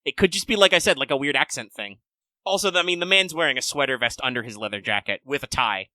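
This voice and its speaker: Bright, dry-voiced man rambling casually. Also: mid-range voice, fast talker, no echo. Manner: rambling, loose explanations full of "like" and casual swearing. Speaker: podcast co-host. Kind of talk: casual chat.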